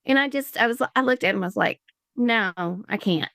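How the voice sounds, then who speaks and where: A woman from Georgia telling her story as a podcast guest, earnest and halting with many restarts. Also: a little high, expressive, creaky, pushed and bright, dry recording, studio quality. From Columbus, Georgia, US. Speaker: podcast guest, liver transplant recipient. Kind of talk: candid conversational storytelling.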